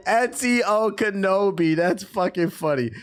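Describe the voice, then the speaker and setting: A man streaming about gaming news, ranting and joking with lots of swearing and sarcasm. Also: on the high side. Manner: animated, swearing, sarcastic, laughs often. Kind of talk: casual profane reaction rant.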